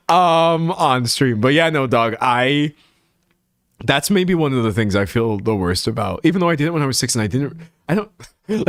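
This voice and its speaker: Young guy streamer chatting w his chat, super expressive pitch, dry close sound, laughs a lot. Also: no echo. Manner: animated, laughing, slangy, jumps into high voices. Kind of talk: casual chat reading live chat.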